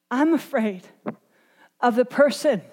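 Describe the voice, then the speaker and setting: A woman preaching a sermon, moving from hushed earnest passages to impassioned near-shouts. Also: on the high side. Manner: impassioned, swinging from quiet to shouting. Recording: long hall reverb.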